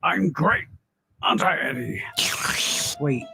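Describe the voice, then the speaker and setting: A man voicing a brash, deadpan character in an amateur comedy cartoon short. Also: fairly high pitch, takes it slowly, creaky, heavily acted. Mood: deadpan comic.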